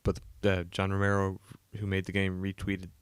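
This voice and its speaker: A man, an indie game developer, chatting casually and a little croaky from a cold while he codes on a livestream, rambling and self-deprecating with lots of fillers. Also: monotone, normal speed, dry recording. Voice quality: gravelly, lower than usual. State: croaky, getting a cold, yawning. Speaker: indie game developer streaming his work. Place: home room, cold.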